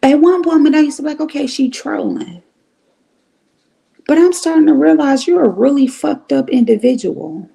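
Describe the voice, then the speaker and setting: Gravelly, blunt middle-aged woman streamer. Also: high-pitched. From Cleveland, Ohio. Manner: blunt, profane and animated, with drawn-out asides. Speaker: livestream commentary host. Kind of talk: casual livestream commentary.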